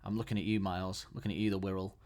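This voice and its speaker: A man's voice: sits low, little pitch movement, rapid-fire, a little mellow. A man hosting a podcast alone, chatting casually and enthusiastically, often restarting his sentences. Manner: enthusiastic, rambling, frequent restarts. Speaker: podcast host. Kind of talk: casual solo podcast chat.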